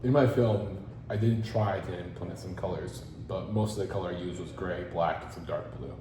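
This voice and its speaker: Male student, low voice, earnest, reflective interview answers, roomy echo with audible background noise. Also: moderate pace. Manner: earnest, steady, with small stumbles and restarts. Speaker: student presenting his film project. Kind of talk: interview-style reflection, partly read.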